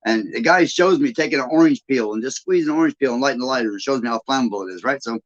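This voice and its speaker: A man's voice: medium pitch, racing, highs cut off. A man with a Southern US accent hosting a live stream, telling rambling stories in a casual, chuckling way. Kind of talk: casual storytelling chat.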